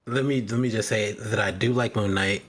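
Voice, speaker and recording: A man's voice: lowish voice, fairly even intonation, a little fast. A man co-hosting a casual chat show, voicing frank complaints and often repeating words. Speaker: podcast co-host.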